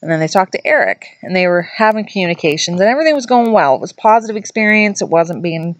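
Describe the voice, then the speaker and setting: A woman's voice: expressive, quick pace, muffled recording. A middle-aged woman vlogger casually telling a ghost story to camera, rambling with asides and restarts. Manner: acts out quoted voices in a higher pitch.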